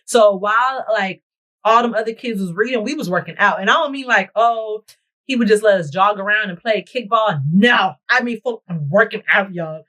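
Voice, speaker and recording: Young woman vlogger, expressive storyteller, mid-range voice, chatty get-ready-with-me delivery. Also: mid-range voice, normal speed, poor audio. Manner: dramatic, animated, talks straight to viewers. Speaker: beauty vlogger. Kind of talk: storytime chat while getting ready. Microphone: camera mic while doing her makeup.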